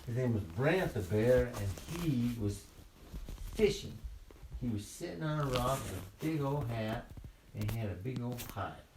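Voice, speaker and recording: An older man telling a bedtime story in a gentle, unhurried way, indoors in a bedroom. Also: medium pitch, animated, slight background noise. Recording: roomy, mic at a distance.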